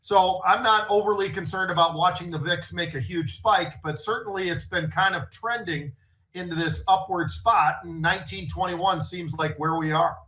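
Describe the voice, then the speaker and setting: A middle-aged man co-hosting a casual market show, with relaxed, folksy and rambling explanations. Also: high voice, moderate pace. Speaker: show co-host. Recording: roomy echo.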